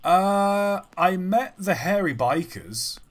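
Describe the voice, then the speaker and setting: A young man, chatting and telling stories casually on a live stream, animated and dropping the odd swear word. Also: sits high, slow.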